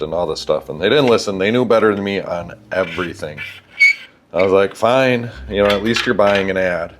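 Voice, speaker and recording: Brief: very low-voiced male shop vlogger, stuffy nose, rambling candid storyteller. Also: background noise. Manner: rambling, candid, profane asides. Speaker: bike shop owner and vlogger. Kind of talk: casual storytelling while working on a bike. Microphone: wireless clip-on mic.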